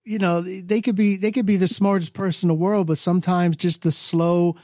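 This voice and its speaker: A man's voice: high voice, flat delivery, fairly quick, dark tone, no room sound, clean studio sound. A man co-hosting a show in casual chat, hesitant and restarting his sentences. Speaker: radio show co-host.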